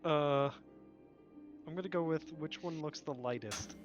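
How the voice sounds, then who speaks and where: A man's voice: a little high, measured pace, muffled recording, soft background music. A man playing a tabletop game over voice chat, talking hesitantly with many restarts. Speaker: player.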